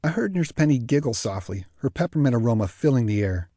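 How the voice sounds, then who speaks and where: A man narrating an audiobook in the first person with expressive storytelling. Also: mid-range voice, fast, no room sound, clean studio sound.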